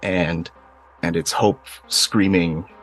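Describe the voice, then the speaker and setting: A man's voice: low voice, steady tone, slow, gravelly. A man running a tabletop game, describing scenes loosely with lots of fillers, over faint music. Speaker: game master.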